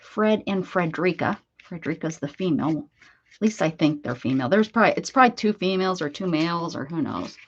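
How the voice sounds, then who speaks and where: This chatty, laughing Pennsylvania woman runs a casual crafting livestream from home, breaking off from crafting tips to coo baby talk at her dog. Her low-ish, husky voice is expressive and fast, and the audio sounds dull.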